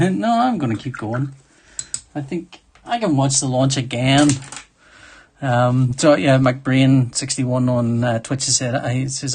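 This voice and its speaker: Drawing sketches on a livestream, this host chats casually, rambling and putting himself down while reading viewer comments out loud. His voice is mid-range, husky, and darkish in tone, with a measured pace.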